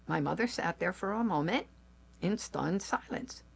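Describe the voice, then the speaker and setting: A woman, likely older, telling a personal family story aloud in a slow, gentle, measured way. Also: on the low side, lively intonation, gravelly, slightly rough.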